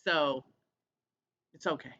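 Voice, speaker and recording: Bright-voiced chatty woman vlogging. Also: low-pitched, slow, dull audio, a little hiss or hum. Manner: chatty, laughs often, acts out quotes. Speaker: vlog host. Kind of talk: casual diary vlog.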